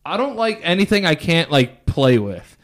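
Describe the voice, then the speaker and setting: A man co-hosts a podcast in relaxed, casual chat, his somewhat high voice swinging widely as he tells stories. He is playful and breaks into laughter often. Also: moderate pace. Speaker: podcast co-host.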